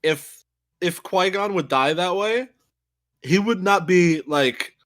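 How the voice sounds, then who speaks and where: A young man riffing casually on a video with a co-host, excitable and swearing, repeating words as he goes. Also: high-pitched, takes it slowly, dry recording.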